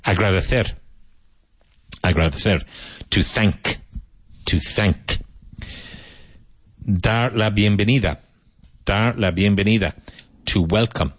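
A man from Ireland, teaching a vocabulary lesson and repeating each word slowly and clearly. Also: fairly low pitch, dry recording. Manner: slow, emphatic repetition of each word. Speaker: English teacher.

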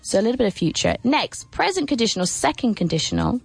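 A radio English teacher and host speaks from a radio studio in a slightly high, husky, creaky voice, talking fast. She is lively and playful, laughing a lot and giving her questions an exaggerated sing-song lilt. The recording is dry, with faint music in the background.

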